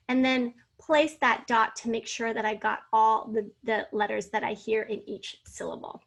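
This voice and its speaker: A woman's voice: fairly high pitch, steady tone, normal speed, few pauses. A woman teacher giving a recorded spelling lesson to fifth graders, patiently sounding out syllables and spelling out letters.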